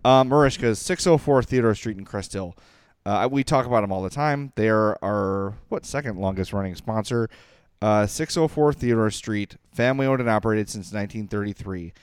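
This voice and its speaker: A middle-aged man co-hosting a hockey podcast, talking in an excitable, jokey way and reading sponsor spots. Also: fairly low pitch, normal speed, smooth, dry recording, studio quality. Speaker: podcast co-host. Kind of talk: casual sports chat and sponsor read.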